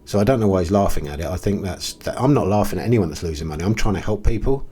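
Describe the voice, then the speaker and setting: A man with a low, slightly husky voice talks to camera in a casual commentary video. He sounds blunt and exasperated, stopping for ums and restarting his sentences. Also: lively intonation, rapid-fire, warm tone. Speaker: crypto video host.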